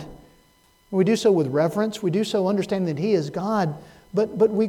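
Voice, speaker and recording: A man preaching a Sunday sermon as pastor, swinging from loud, pleading cries to hushed, soft words. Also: sits high, normal speed, poor audio.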